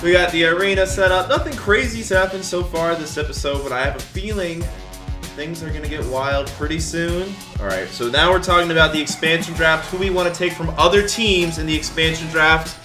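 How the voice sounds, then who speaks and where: A man's voice: a little high, fairly quick, echoey room, over music. Young man chatting over a game. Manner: chatty, talks to viewers as guys. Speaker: gaming YouTuber. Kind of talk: casual game commentary.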